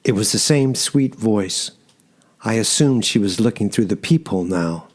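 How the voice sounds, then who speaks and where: A man reading a first-person story aloud in a measured storytelling manner. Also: lowish voice, animated, a little mellow, breathy edge. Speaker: narrator. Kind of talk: first-person audiobook narration.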